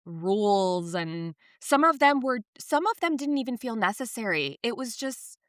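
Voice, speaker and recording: A woman in her thirties chats on a podcast with a bright, forward tone. She tells stories with lively energy and acts out what others said. The sound is close and dry. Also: a little high, a little slow, dry recording. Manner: animated storytelling, acts out quotes. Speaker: podcast co-host. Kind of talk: casual podcast chat.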